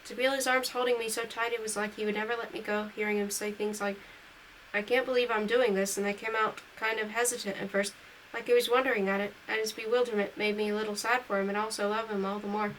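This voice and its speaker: Reading a novel aloud for a homemade audiobook, a woman with a mid-range voice lifts her energy and volume slightly on the characters' lines. She stops to correct errors, and a faint, steady hiss runs beneath the low-quality recording.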